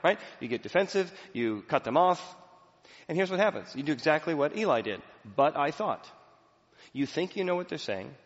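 A man's voice: on the high side, expressive, brisk. A male pastor giving a sermon in a conversational, storytelling way. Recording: echoey hall, dull lo-fi sound.

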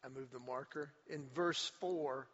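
A male pastor giving a sermon, telling a story with lively acted-out quotes and climbing energy. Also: medium pitch, a little slow. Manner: animated storyteller, acts out quotes with rising energy. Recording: muffled hall recording with long reverb.

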